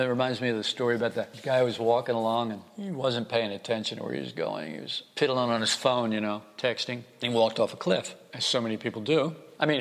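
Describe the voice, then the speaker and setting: A man preaching a conversational, wry sermon, often acting out the voices he quotes. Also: medium pitch. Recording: long reverb.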